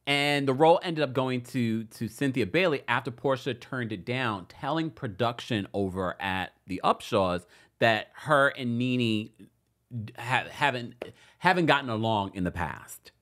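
Animated male gossip host. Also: medium pitch, a little slow. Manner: chatty, animated, playfully shady. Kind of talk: casual commentary.

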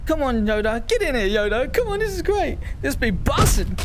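A woman's voice: fairly high pitch, sing-song, moderate pace, few pauses, very noisy. A woman streaming VR gameplay on a headset, rattling off crude, sweary banter aimed at game characters. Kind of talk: chaotic gameplay commentary. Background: loud background music.

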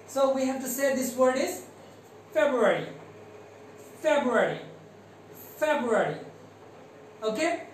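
A man with a Bangladeshi accent teaching English to primary pupils, slowly spelling words letter by letter and drilling their pronunciation. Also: very high-pitched, very echoey, recorded from a distance, a little hiss or hum, rough recording. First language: Bengali. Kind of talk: classroom lesson.

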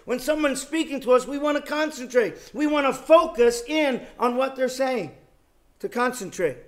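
A middle-aged man giving a Bible lecture, speaking in a measured way and repeating key phrases for emphasis. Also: extremely high pitch, animated. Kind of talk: sermon.

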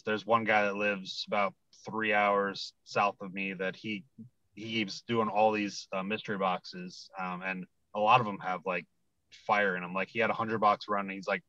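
A man's voice: lowish voice, pushed and bright, dry recording, highs cut off. A man from the United States, a guest collector, chatting easily with lots of ums and you-knows. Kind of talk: casual video-call chat.

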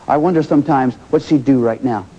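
A man hosting a TV game show, energetic and encouraging, repeating each contestant's answer. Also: medium pitch, fast, slightly rough, highs cut off.

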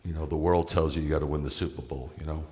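A man's voice: a bass voice, fairly even intonation, quick pace, warm tone, long reverb tail. A man giving a sermon as a rabbi, talking conversationally and stressing his points to the congregation. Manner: conversational, emphatic preaching with asides to the congregation.

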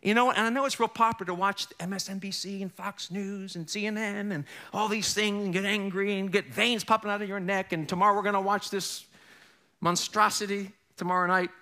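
A middle-aged man preaching a sermon as pastor, animated and joking, slipping in quick character voices. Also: high voice.

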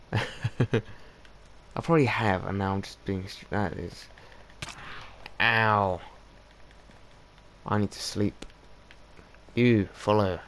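Gaming host: guy, low and a bit gravelly, chatty let's-play narration that keeps talking to his pets. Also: slight background noise. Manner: chatty, coaxes his in-game pets along. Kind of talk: casual let's-play commentary.

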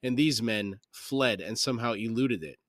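A man's voice: mid-range voice, moderate pace, fairly bright tone, no echo, studio quality, lightly acted. A man voicing a fierce, hot-tempered female warrior in a fantasy audiobook reading, curt and snarling. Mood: angry.

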